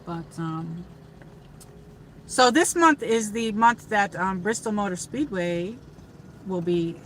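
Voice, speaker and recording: A woman's voice: medium pitch, expressive, takes it slowly, slight background noise, low-quality recording. A woman from upstate New York chatting casually to her livestream viewers from her car, rambling with lots of fillers and restarts. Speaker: livestream host.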